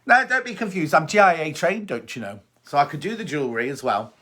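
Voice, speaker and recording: Reading out viewer comments in a casual live chat, a middle-aged sewing-show presenter teases and gossips about them. His voice is fairly high and fairly bright, with lively intonation and a quick pace.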